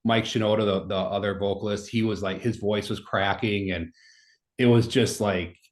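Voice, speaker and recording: A man's voice: on the low side, steady tone, normal speed. A man in his thirties telling a story in casual conversation as a podcast guest, rambling with many fillers.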